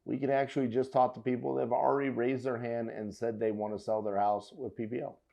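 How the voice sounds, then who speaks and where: A man hosting a reaction video, talking loudly and emphatically, with casual swearing. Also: medium pitch, little pitch movement, fast, gravelly. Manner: loud, emphatic and profane. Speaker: host reacting to clips.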